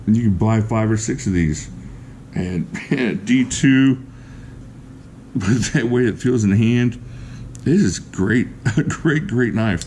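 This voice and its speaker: A man giving a casual, chatty knife review, enthusiastic and quick to laugh. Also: lowish voice, expressive, darkish tone, a little hiss or hum.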